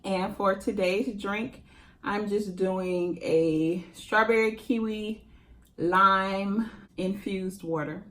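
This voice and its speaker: A woman's voice: mid-range voice, fairly even intonation, slow pace. A woman hosting a mukbang, chatting casually and laughing while she eats. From Jacksonville, Florida. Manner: chatty, laughs often, talks while eating. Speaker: mukbang channel host. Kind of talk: casual eating chat to camera.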